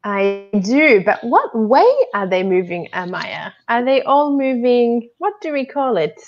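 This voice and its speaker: A woman from New Zealand with a New Zealand accent, co-hosting a live online English lesson, asking many questions and gently guiding. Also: a little high, animated, unhurried, lo-fi sound. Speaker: English teacher co-hosting a livestream.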